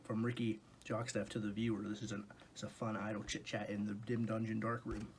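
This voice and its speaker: A man's voice: on the low side, flat delivery, a little fast, slight background noise. Rambling young man in a dim room. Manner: rambling, tangent-prone, swearing rants. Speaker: food reviewer. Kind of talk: rambling comedic food review monologue.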